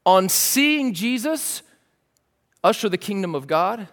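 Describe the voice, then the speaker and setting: A man's voice: high-pitched, big pitch swings, slow pace, fairly bright tone, big-room sound. A man preaching a sermon as a pastor, telling the story vividly in a casual way, with fillers like "like" and "dude".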